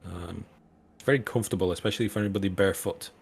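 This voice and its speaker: A man running a tabletop game as game master, narrating the scene loosely with many pauses and restarts. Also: sits low, steady tone, creaky, husky. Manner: loose, full of fillers and restarts.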